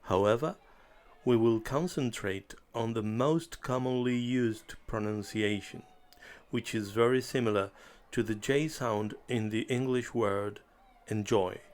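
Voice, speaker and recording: Man, language teacher, slow scripted lesson, deliberate clear enunciation, mid-pitched voice. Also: darkish tone.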